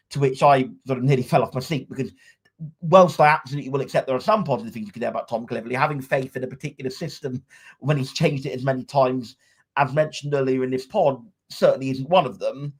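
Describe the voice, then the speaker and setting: A man's voice: medium pitch, fast, slightly rough. Wry, rambling man on a podcast. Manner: wry, opinionated, rambling with many restarts. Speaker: podcast co-host. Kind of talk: casual podcast chat. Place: upstairs room at home.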